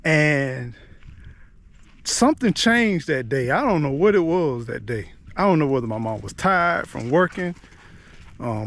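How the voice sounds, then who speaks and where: A man telling a personal childhood story in an earnest, repetitive, informal way. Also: on the high side. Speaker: speaker sharing life lessons.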